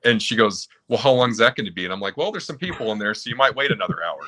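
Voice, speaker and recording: Bright-voiced man telling shop stories. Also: lowish voice, lively intonation, rapid-fire. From Utah. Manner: storytelling, acts out both sides of customer exchanges. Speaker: mobile automotive technician, guest. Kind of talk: casual chat.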